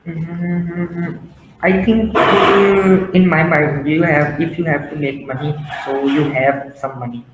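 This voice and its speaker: A man as an interview guest, speaking hesitantly in halting phrases. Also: fairly high pitch, little pitch movement. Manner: hesitant, halting, many fillers. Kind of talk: casual interview. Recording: echoey room with faint noise.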